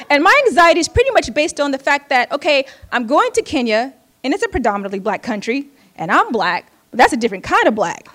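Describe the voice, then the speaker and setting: A woman's voice: sits high, sing-song, a little fast, fairly bright tone. A woman from Oakland telling a personal story with a wry, candid manner, laughing at herself often. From Oakland, United States.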